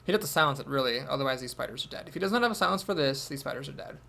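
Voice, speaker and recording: A man's voice: mid-range voice, expressive, rapid-fire, creaky, pushed and bright. A man thinking aloud as he commentates his own card game, with wry asides. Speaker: gameplay commentator.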